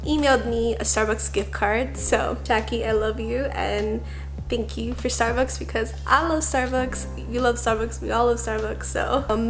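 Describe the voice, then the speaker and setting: A young woman vlogger chatting casually about her Christmas gifts, gushing and full of fillers. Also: a little high. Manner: gushing, chatty, repeats fillers like "like" and "I don't know". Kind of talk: casual vlog chat.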